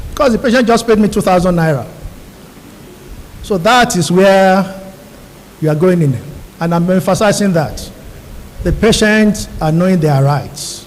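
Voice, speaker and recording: A man's voice: high-pitched, darkish tone. A middle-aged Nigerian man, a radiologist, giving an earnest storytelling speech to newly inducted doctors in an auditorium. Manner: earnest, storytelling, addresses audience directly. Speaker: guest speaker, radiologist. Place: large university auditorium. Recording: long hall reverb.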